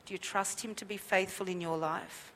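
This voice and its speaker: A woman's voice: mid-range voice, steady tone, moderate pace, fairly bright tone, big-room sound, a little hiss or hum. A woman preaching a sermon at a church service, emphatic and repetitive, with many rhetorical questions.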